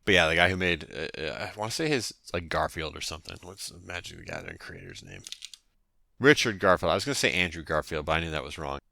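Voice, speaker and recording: Brief: low-pitched male co-host, bright, dry sound, swears a lot, animated storyteller. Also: fast talker, gravelly, no echo. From Canada. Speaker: podcast co-host. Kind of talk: casual chat.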